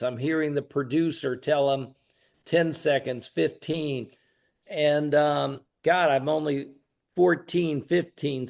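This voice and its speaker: An older man in his sixties with a gravelly, creaky voice that sits a bit high. He tells his stories with animated bursts of emphasis, as a guest in an interview. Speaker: guest, wrestling announcer and promoter. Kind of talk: storytelling interview.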